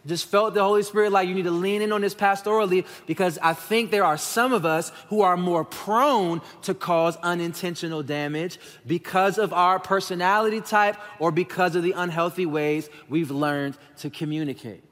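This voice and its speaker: A male pastor with a fairly high voice delivers a frank, talky sermon in a church sanctuary. His voice trails off into a long hall reverb. He speaks to the congregation directly and casually. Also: normal speed, hardly any pauses, fairly bright tone. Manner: conversational and candid, addressing the congregation as y'all.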